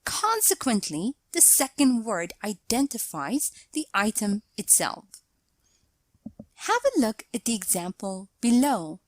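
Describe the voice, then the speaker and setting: A woman narrating a scripted grammar lesson, explaining slowly and deliberately and reading out example sentences. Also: on the high side, sing-song, no room sound. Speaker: English teacher.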